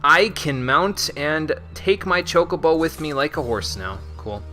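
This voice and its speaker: A young man with a bright, forceful voice chats casually while streaming a game, often trailing off into quiet mumbles and chuckles. Soft game music hums behind him. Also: a little high, animated, unhurried. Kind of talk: casual gameplay commentary.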